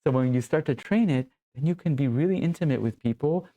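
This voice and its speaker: An earnest male coach speaks straight to the viewer in a mellow, warm voice, close and personal. He slows on key phrases to let them land. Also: on the high side. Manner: earnest, intimate, addresses viewer as brother. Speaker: men's coach. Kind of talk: direct-to-camera coaching monologue.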